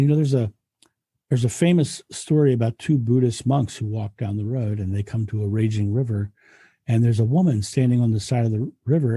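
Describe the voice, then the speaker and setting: A man, a guest speaker, talks earnestly in a reflective interview, often restarting and repeating his sentences. His voice is medium-pitched, dark and husky, with no room sound.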